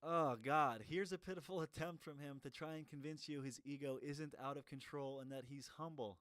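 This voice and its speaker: A man's voice: fairly high pitch, fairly even intonation, normal speed, fairly bright tone, no room sound. A man giving reaction commentary in a profane, mocking way. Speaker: commentary streamer.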